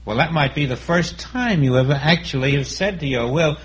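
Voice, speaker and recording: A man delivers a sermon as a spiritual teacher, calm and reflective, acting out inner dialogues. His mid-range voice moves at normal speed with few pauses, and the audio quality is poor.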